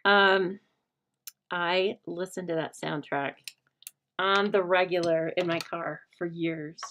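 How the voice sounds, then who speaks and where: Gravelly-voiced chatty woman crafter. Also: lowish voice, very noisy. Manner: chatty, rambling, laughs often. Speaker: crafting livestream host. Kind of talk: casual craft demo chat with live viewers.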